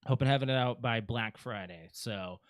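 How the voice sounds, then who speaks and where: A man co-hosting a casual podcast, rambling through announcements with plenty of ums and uhs. His voice sits at an ordinary pitch, recorded close and dry with no room sound. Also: normal speed, no room sound. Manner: chatty, rambling plugs with fillers. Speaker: podcast co-host.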